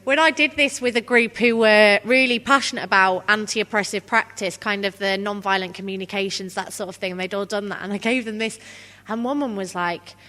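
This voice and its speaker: A woman's voice: mid-range voice, brisk, hardly any pauses, sharp tone. A woman, giving a conversational workshop talk and drawing the audience in. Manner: chatty, engages the audience directly. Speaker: conference speaker leading a workshop. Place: conference hall. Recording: reverberant conference hall.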